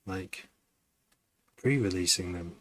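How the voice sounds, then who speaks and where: Man, very low voice, crisp bright tone, low-key near-monotone, rambling live-stream chat. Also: slow pace, slight background noise. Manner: rambling, self-correcting, thinking out loud. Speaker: music producer streaming his session.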